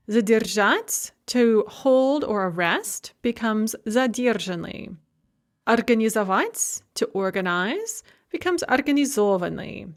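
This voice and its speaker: Methodical woman lecturing on grammar. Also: on the high side. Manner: clear, methodical explaining, carefully pronouncing example words. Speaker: Russian language instructor.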